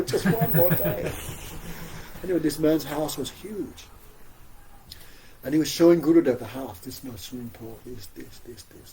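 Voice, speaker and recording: A man's voice: medium pitch, dark tone, a little hiss or hum, rough recording. A man giving a spiritual scripture class, telling stories with frequent chuckles and rhetorical questions. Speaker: spiritual teacher.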